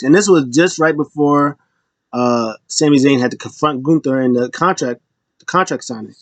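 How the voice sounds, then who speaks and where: A man's voice: medium pitch, a little fast, dry recording. A man casually recapping wrestling events in a rambling way, acting out what people said in raised voices. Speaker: podcast host.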